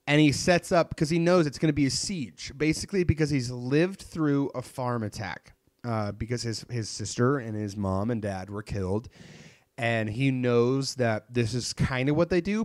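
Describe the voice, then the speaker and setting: Animated young man recapping a show. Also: medium pitch, normal speed, dry recording. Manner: animated, profane, retells plot with quoted lines. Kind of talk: casual chat.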